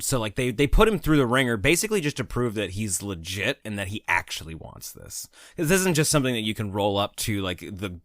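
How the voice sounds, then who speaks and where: A man's voice: deep voice, fairly bright tone, no room sound, clean studio sound. A man co-hosting a horror movie podcast, chatting casually, swearing freely and laughing often. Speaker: podcast co-host.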